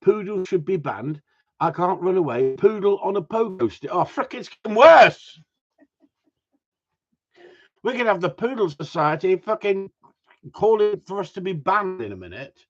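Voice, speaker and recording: A man with a husky, slightly high voice that swings up and down as he jokes. He talks in crude, swearing banter, teasing his friends and laughing a lot. The sound is dull and lo-fi. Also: expressive, moderate pace, pauses often. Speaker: host of a gundog group chat.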